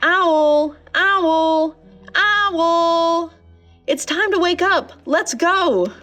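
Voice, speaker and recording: Lady doing a chirpy little bird boy, high and excited, storybook voice. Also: moderate pace, faint music behind, lightly acted. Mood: calling. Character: eager young male chickadee chick.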